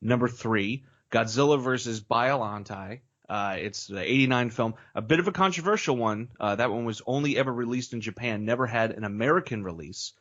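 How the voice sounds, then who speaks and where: A man's voice: medium pitch, moderate pace, hardly any pauses, a bit bright, highs cut off. A man co-hosting a film podcast in a casual, blunt and opinionated way, with frequent sighs. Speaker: podcast co-host.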